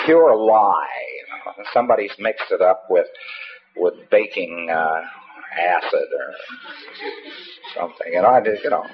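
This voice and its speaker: Low-voiced man giving a rambling lecture. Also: a little slow, long pauses. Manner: folksy, wry, profane asides. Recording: dull lo-fi tape with faint hiss.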